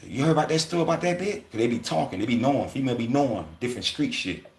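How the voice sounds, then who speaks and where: A man's voice: medium pitch, lively intonation, rapid-fire, a little mellow, echoey room. A man hosting a livestream, talking casually in loose, profane street slang and acting out quoted voices as he goes. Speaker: livestream host.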